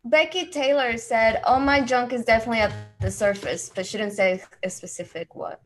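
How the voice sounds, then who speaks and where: Woman co-host, slightly high voice, reads viewer comments aloud. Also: steady tone, fairly quick, faint music behind. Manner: brief agreeing interjections, reads viewer comments. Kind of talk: live show chat.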